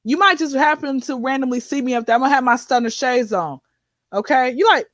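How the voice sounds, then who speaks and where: High-voiced sassy woman comedian. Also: a little fast, no echo. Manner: animated, preachy, sassy asides like "honey" and "okay?". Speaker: comedian guest. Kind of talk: casual interview chat.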